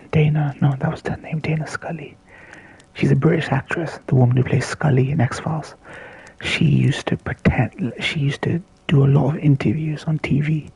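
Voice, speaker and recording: A man's voice: medium pitch, gravelly, a little mellow, breathy edge, no room sound, rough recording. A man giving casual, rambling livestream commentary over a video game, swearing freely, restarting his sentences and often dropping to a near-whisper. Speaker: gameplay commentator.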